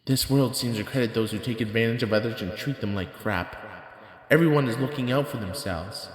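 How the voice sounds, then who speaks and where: A man's voice: medium pitch, fairly quick, husky, lightly acted. Man doing a bitter, brooding young man, student, plain voice. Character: angry young male student, bitter and tense.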